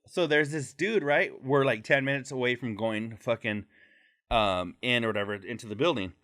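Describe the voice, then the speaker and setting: A man co-hosting a podcast, telling a story in casual, profane slang and breaking into high put-on voices when he quotes people. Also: normal speed, a bit bright. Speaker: podcast co-host.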